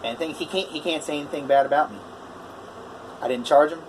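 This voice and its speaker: A man's voice: fairly high pitch, fairly quick, noisy background. Welder man retelling a customer quarrel. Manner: animated retelling, quoting both sides of a phone argument. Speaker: welder telling a customer story. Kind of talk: casual vlog storytelling.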